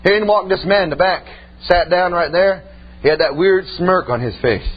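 A man delivers a folksy, storytelling sermon, emphatic and colloquial, working up to shouted points. His voice is high and husky at a normal speed, and the recording is slightly muffled with a faint hum.

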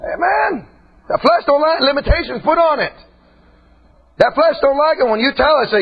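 A male preacher delivering a raspy, impassioned sermon, swinging between shouts and low asides. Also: lively intonation, normal speed. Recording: dull lo-fi recording.

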